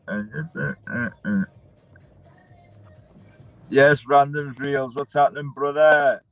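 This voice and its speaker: A man's voice: medium pitch, steady tone, slow pace, long pauses, fairly bright tone, dull audio, faint music behind. A man hosting a livestream, chatting casually and bluntly, swearing and calling everyone lad. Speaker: livestream host.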